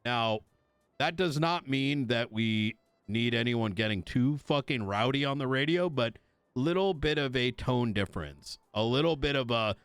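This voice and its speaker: A man speaks as a police chief running a roleplay briefing, blunt and heavy on profanity. His voice is mid-pitched and recorded close and dry, with no room around it. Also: animated, unhurried, a bit bright, clear, resonant tone, dry recording. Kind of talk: streamed roleplay meeting speech.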